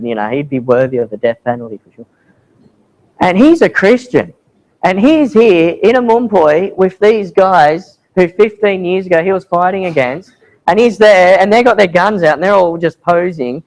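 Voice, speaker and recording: A fairly high-voiced man talks to a church about his mission work. He tells it like a casual yarn, slipping into quoted voices as he goes. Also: darkish tone, low-quality recording. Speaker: missionary speaker. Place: church hall.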